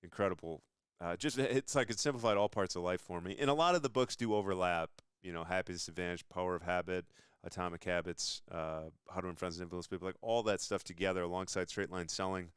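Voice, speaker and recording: A man's voice: sits low, quick pace, clear, resonant tone, no echo, studio quality. A young man hosting a casual interview chat, talking enthusiastically and rambling between points. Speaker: show host.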